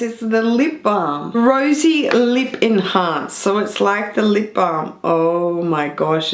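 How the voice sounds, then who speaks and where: A woman gushing excitedly through an unboxing vlog, full of delighted exclamations. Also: medium pitch, slow pace, hardly any pauses. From Australia. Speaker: beauty and luxury vlogger. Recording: echoey room.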